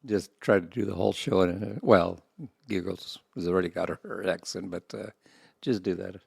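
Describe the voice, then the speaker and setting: A man's voice: deep voice, moderate pace, gravelly, darkish tone, breathy edge, dry recording, studio quality. A man co-hosting a casual podcast, joking and teasing in an easygoing way. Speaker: podcast co-host. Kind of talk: casual banter.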